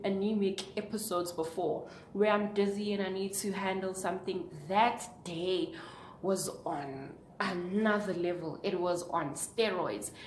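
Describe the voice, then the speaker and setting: A young woman vlogger giving an earnest, preachy motivational talk to camera, asking her viewers question after question. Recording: echoey room with faint rumble.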